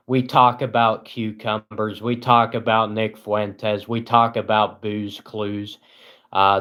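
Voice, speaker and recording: A male live streamer with a fairly low voice who talks casually to his chat. His tone is dry and sarcastic, delivered deadpan, and he rambles along with frequent filler sounds. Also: clean tone.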